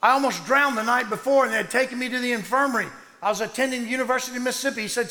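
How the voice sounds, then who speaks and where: A man, a pastor preaching a sermon in loud excited bursts that drop low and soft. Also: racing, hardly any pauses. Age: 60s. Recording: long hall reverb.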